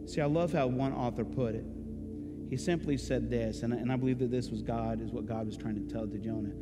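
In a church, a male pastor delivers a sermon in a mid-range, steady voice at a fairly quick pace. He chats casually with the congregation and poses rhetorical questions, preaching in a conversational way. Loud music fills the reverberant hall.

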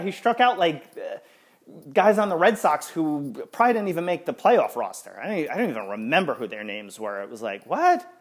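A male sports podcast host rants in casual conversation, sounding exasperated and stumbling into restarts. He's lively, his pitch swinging up and down.

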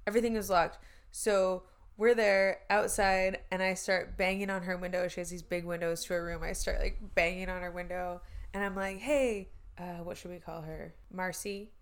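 A woman's voice: on the low side, little pitch movement, moderate pace, clear, resonant tone. A young woman in her twenties telling a story in casual chat, swearing, laughing and using lots of fillers.

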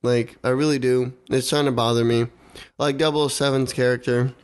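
A young man ranting in a casual podcast conversation. His voice sits at an ordinary middle pitch. He talks heatedly, curses freely and hammers his points home by repeating them. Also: fairly even intonation, fairly quick, clean tone. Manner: heated, swearing, repeats himself for emphasis. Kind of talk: casual opinionated chat.

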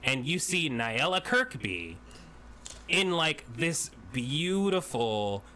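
A man narrating a tabletop game as game master, animated and rambling. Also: fairly high pitch, slow, a little hiss or hum.

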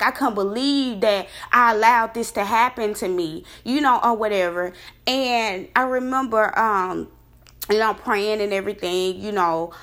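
A woman casually telling a personal story, rambling and animated, her voice jumping high when she recounts her disbelief. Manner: rambling with many fillers and restarts.

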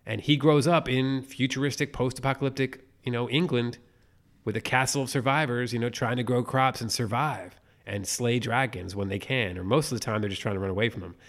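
A man's voice: medium pitch, steady tone, a little fast. A man co-hosting a podcast, chatting casually and animatedly about movies, swearing and laughing often. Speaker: podcast co-host. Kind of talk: casual chat.

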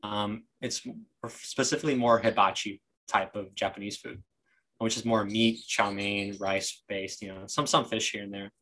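A man's voice: fairly low pitch, flat delivery, normal speed, bright, forceful tone. A young man guesting on a podcast, telling a rambling family story with laughter and fillers. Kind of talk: casual chat.

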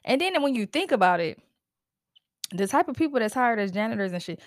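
This fired-up woman podcast host has a voice on the high side and talks a little fast. She swears freely through a heated, animated solo rant, laughing and sighing as she vents, all captured in studio quality without room sound.

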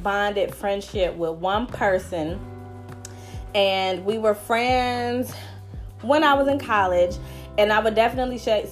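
A young woman, hosting a podcast and telling a story in slangy, animated casual chat over a phone app. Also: medium pitch. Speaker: podcast host.

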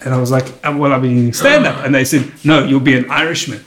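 A man telling comic stories in casual chat, animated and jumping high in pitch when he quotes people. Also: fast talker, roomy sound.

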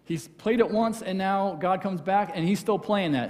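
A man preaching a conversational sermon as pastor, acting out quoted voices and dropping very soft for emphasis. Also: sits high, moderate pace. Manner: conversational, acts out quoted voices, drops to near whisper for emphasis. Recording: church hall with long reverb.

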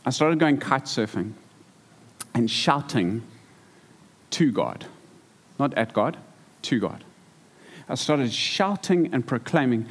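A male pastor preaching to his congregation. He tells his story in an animated way, often stumbling and repeating words, and his voice sits in a middle pitch. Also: a little slow, pauses often. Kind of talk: sermon. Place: church hall.

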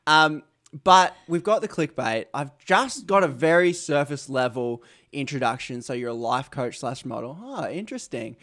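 A man's voice: medium pitch, animated, normal speed, a bit bright. A young Australian man hosting an interview podcast, rambling and joking at his own expense. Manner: rambling, self-mocking, jokey asides. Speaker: podcast host. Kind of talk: casual interview chat.

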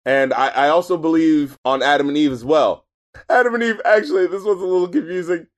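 A man co-hosting a casual album review chat, animated, laughing often and swearing casually. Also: on the high side, brisk. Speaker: podcast co-host reviewing an album.

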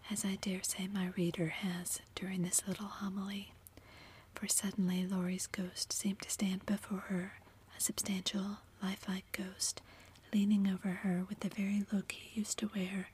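Woman whispering a story, flat and even. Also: medium pitch, a little hiss or hum. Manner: unvoiced whisper, measured. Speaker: reader. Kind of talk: whispered role-play.

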